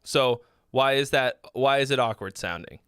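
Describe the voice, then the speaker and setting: A man's voice: medium pitch, normal speed, fairly bright tone, clear, resonant tone, no echo, studio quality. A man hosting a casual livestream song critique, talking frankly and loosely with swearing and lots of fillers and restarts. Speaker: host giving song feedback.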